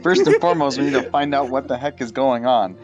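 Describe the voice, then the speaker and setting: A man playing a tabletop game, easygoing and quick to laugh. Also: medium pitch, wildly swooping pitch, lo-fi sound. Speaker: player. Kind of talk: casual game chat.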